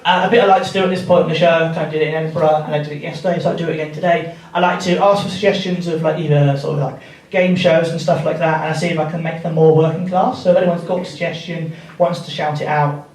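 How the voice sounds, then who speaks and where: A man's voice: a little high, fairly even intonation, quick pace. A man doing stand-up comedy, laddish and swearing, laughing along with his own jokes. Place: theatre stage before a live audience. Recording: roomy theatre sound from a distant mic, loud audience. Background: audience laughter.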